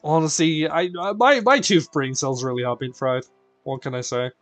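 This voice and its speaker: A man's voice: on the high side, moderate pace, no room sound. A man hosting a live stream, chatting playfully with his viewers. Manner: animated and playful, addressing chat as "people". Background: faint game music.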